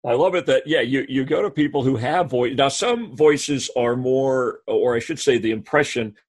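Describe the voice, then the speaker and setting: Brief: relaxed man hosting a podcast, husky mid voice. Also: medium pitch, moderate pace. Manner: easygoing, laughs along. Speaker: podcast host. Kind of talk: casual interview chat.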